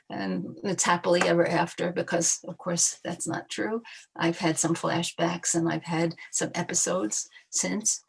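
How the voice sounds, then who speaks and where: A woman in her eighties telling her own life story on a video call, reflective and halting, often restarting her sentences. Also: fairly low pitch, creaky, breathy edge, poor audio. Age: 80s. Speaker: memoir author. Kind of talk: personal storytelling at a book launch. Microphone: computer mic on a video call.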